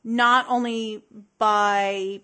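A woman's voice: a little high, fairly even intonation, extremely slow, sharp tone, clean tone. A woman co-hosting a casual podcast chat, emphatic and blunt, swearing freely. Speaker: podcast co-host.

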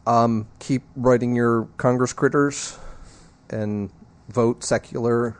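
A man's voice: mid-range voice, steady tone, slow. A man co-hosting a podcast, talking in a loose, joking way. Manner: joking, goofy asides. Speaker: podcast co-host. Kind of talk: casual chat.

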